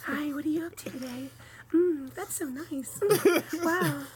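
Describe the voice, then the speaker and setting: A man faking a flirty woman phone operator, very high voice, drawn-out coy delivery, heavy background noise. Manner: breathy, giggly, slow and coy.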